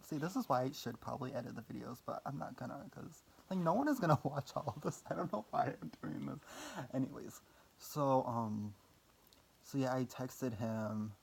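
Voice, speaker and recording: A man's voice: medium pitch, animated, moderate pace, vocal fry, darkish tone, slightly rough. A young man telling a personal story in a casual vlog, rambling with lots of fillers, swearing casually and making fun of himself. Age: young adult. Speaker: vlogger.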